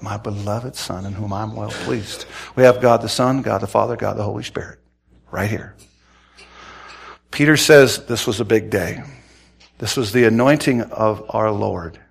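Man, preacher, folksy sermon storytelling, drops to a hush then shouts. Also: on the low side, vocal fry. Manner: animated storytelling, swinging from hushed to shouting; folksy, conversational asides. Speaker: pastor.

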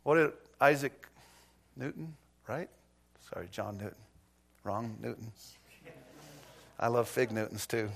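A man preaching a sermon as pastor, moving from quiet, intimate stretches to loud, emphatic passages, with anecdotes and light self-deprecating asides. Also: mid-range voice, a little slow, gravelly, long pauses, slight background noise.

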